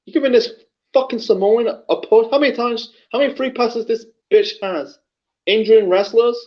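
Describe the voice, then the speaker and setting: Profane ranting man, high voice. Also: lo-fi sound. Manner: profane, blunt, repetitive ranting. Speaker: wrestling commentary vlogger. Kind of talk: ranting solo commentary.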